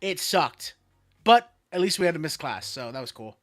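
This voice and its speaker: A young man co-hosting a casual podcast, telling stories with lively, profane energy. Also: fairly high pitch, moderate pace, no room sound. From Florida, USA. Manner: animated storyteller, swears freely. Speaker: co-host.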